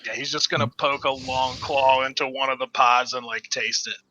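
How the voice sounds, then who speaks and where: A man describing his character's actions as a player in a tabletop game, with relaxed, hesitant speech. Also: medium pitch, normal speed, slight background noise. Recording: dull, lo-fi sound.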